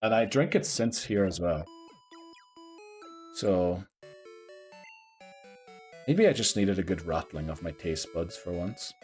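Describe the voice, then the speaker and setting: A rambling, joking man with a Northern Irish accent chats casually as a game streamer. His voice sits fairly low. Faint music plays behind him. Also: animated, slow, long pauses, darkish tone. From Northern Ireland. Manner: rambling, joking, chuckles often. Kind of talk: casual live-stream chat.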